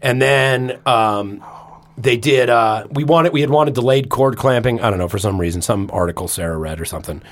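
A man on a podcast telling a personal story in casual chat, animated and swearing freely, acting out his own shouts. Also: mid-range voice, moderate pace. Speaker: podcast co-host.

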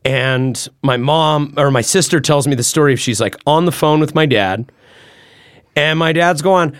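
This man talks loosely and profanely on a podcast, rambling through a story at a mid pitch. His voice sits close and dry, with no room sound around it. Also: moderate pace, smooth, no echo. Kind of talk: casual podcast chat.

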